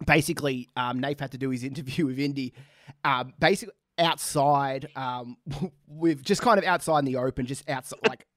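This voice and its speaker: A man's voice: medium pitch, no echo. Man, podcast co-host, wry storytelling, swears a lot, dry close mic. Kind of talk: casual chat.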